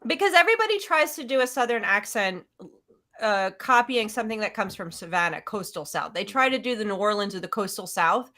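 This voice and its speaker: A woman's voice: medium pitch, expressive, a little fast, bright, forceful tone. A woman co-hosting a casual film discussion, talking enthusiastically and laughing often. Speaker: podcast co-host.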